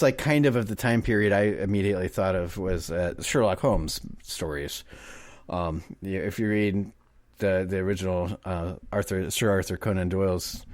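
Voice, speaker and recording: A man's voice: on the low side, a little mellow, no room sound. A man co-hosting a podcast, reading a story and chatting casually, rambling and laughing with mild swearing. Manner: laughing, rambling, profane, mock-formal voices for quotes.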